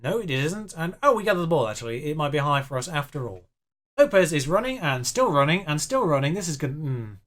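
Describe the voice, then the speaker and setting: A young YouTube gamer with a slightly high, slightly bright voice comments on his own match, very animated and fairly quick. His let's-play talk is chatty and self-mocking, muttering along as play unfolds.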